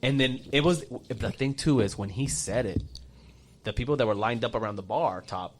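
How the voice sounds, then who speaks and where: A man telling a story in a casual chat, profane and animated, acting out the voices of people he quotes. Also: medium pitch, moderate pace. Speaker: podcast co-host.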